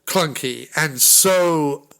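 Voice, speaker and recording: Man, podcast co-host, bright tone, animated and profane. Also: a little high, very slow, vocal fry, smooth. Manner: animated, swearing, quoting movie lines in a raised voice. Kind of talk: casual film chat.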